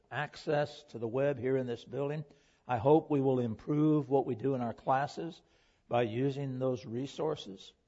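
A man's voice: mid-range voice, darkish tone. A man preaching a sermon in a church, asking earnest rhetorical questions and shifting his emphasis often. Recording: lo-fi dull sound.

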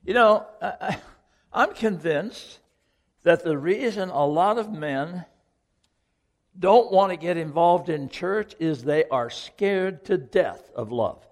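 A man's voice: high-pitched, lively intonation, slow pace, in a large hall. A man preaching a sermon to a congregation, earnest and questioning, repeating key lines for emphasis. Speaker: pastor.

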